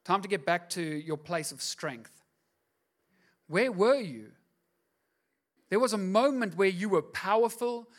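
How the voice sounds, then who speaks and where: A man with a fairly high voice preaches a sermon in church. He moves between soft, confiding asides and loud, driving exhortation. He acts out the voices in his stories as he goes. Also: expressive, unhurried, pauses often. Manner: acts out voices in quoted dialogue. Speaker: pastor. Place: church service.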